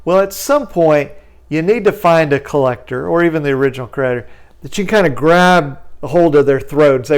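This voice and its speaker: A man talks in a slightly high voice, casual and explanatory. His telling stays animated, and he jumps higher to act out both sides of a phone argument. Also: fairly quick, clear, resonant tone. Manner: lively storytelling, acts out phone calls in a raised voice. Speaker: consumer bankruptcy lawyer.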